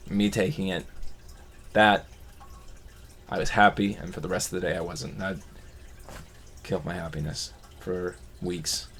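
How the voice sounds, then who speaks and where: Low-voiced male vlogger, reflective confessional storytelling, loose and rambling. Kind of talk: personal storytelling.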